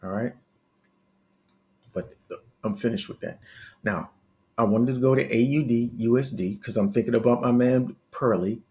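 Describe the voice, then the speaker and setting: A man's voice: mid-range voice, moderate pace, pauses often, a little mellow. A man teaching forex trading on a live stream, thinking aloud over his charts with many restarts and coaching his viewers directly. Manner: coaching, talks straight to viewers. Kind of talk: live market analysis stream.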